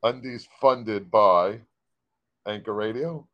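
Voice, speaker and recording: A man's voice: on the low side, takes it slowly, dry recording, lo-fi sound. A man chatting as a guest in a casual interview, stumbling over words and laughing at his own slips. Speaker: guest musician.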